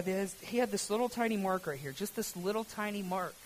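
A man preaching a sermon as pastor, lively and conversational, swinging from loud emphatic lines to a hushed, almost whispered delivery. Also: high voice, fast talker, slight background noise, poor audio.

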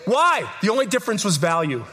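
A man preaching a live sermon to a congregation, emphatic and repetitive, building to shouts. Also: high voice, sing-song, a little fast, slightly rough. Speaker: pastor. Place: church service, in front of a congregation.

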